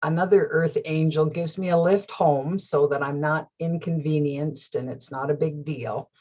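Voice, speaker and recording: A woman's voice: low voice, moderate pace, dull audio. A middle-aged woman hosting her own show, telling a personal story with lots of laughter and acted-out inner voices. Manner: animated, laughs often, acts out her own thoughts. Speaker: host. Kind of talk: storytelling monologue.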